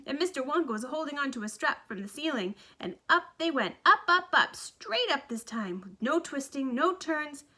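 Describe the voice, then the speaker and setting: Bright-voiced woman reading a storybook. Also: high-pitched, moderate pace, hardly any pauses. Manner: lively, expressive. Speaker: storybook reader. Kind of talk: children's book read-aloud narration.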